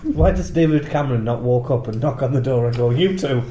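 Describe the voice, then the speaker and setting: A man's voice: medium pitch, quick pace, warm tone, a little hiss or hum. A man co-hosting a podcast, tasting beer and trading crude, jokey banter in a casual chat. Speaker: podcast co-host. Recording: roomy echo.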